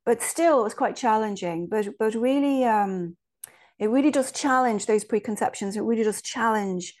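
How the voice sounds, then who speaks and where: A woman's voice: on the high side, moderate pace, a little mellow. A woman from Ireland, a guest in a casual interview, telling stories in a chatty way with many restarts and asides.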